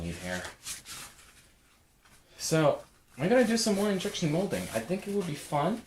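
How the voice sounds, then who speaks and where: A man's voice: sits high, wildly swooping pitch, moderate pace, long pauses, darkish tone, a little hiss or hum. A man hosting a casual live stream, joking around and reading chat messages aloud. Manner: laid-back, jokey, reads chat aloud.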